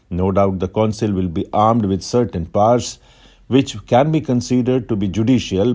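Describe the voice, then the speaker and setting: A man reading a formal passage as shorthand dictation, in an even, measured way with clear phrase breaks. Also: lowish voice. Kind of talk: steady dictation reading at set speed.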